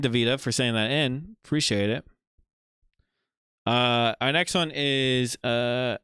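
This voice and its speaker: Casual male stream host, smooth voice, dry close mic, loose and chatty. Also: medium pitch, no echo. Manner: relaxed, rambling with many fillers. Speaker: livestream host. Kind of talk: casual livestream chat showcasing viewer art.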